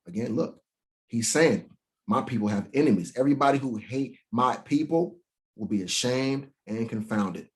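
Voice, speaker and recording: A man teaching from the Bible, reading verses slowly and then breaking into crude, mocking rants with big swings in pitch and loudness. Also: lively intonation. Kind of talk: profane scripture teaching.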